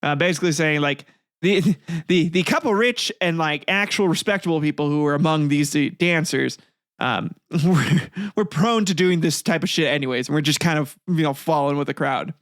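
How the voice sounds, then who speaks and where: A man hosts a comedic history podcast, reading old passages aloud and breaking into rambling, profane asides. He laughs often and his voice sits a bit high for a man. The sound is close and dry. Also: normal speed, fairly bright tone, no room sound. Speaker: podcast host.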